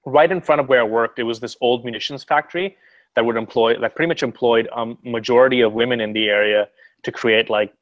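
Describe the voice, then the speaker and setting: A man's voice: medium pitch, steady tone, fast, no room sound, muffled recording. A young man from Montreal chatting casually on a live stream, rambling with lots of fillers and swearing. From Montreal, Canada. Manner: rambling, profane, many fillers. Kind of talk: casual chat.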